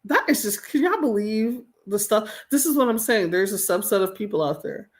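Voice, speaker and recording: A woman's voice: medium pitch, animated, moderate pace. A woman hosting a livestream, reading out chat comments and giving casual commentary, blunt and exasperated, and she swears freely. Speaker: livestream host. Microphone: home streaming mic.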